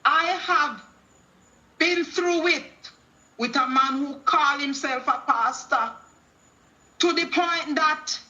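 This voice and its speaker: A high-pitched Jamaican woman calls in to a talk show and tells her testimony like a sermon. She quotes scripture and slips into patois as she acts out what everyone said. Her voice rings bright and sharp. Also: highs cut off. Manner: preachy storytelling, quoting scripture, acting out dialogue in patois. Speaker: caller.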